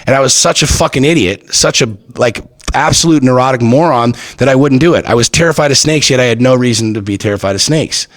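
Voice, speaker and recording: Fast, blunt man in his forties. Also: medium pitch, dry recording, clean studio sound. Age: 40s. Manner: fast, profane and emphatic. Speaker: podcast guest. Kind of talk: casual podcast storytelling.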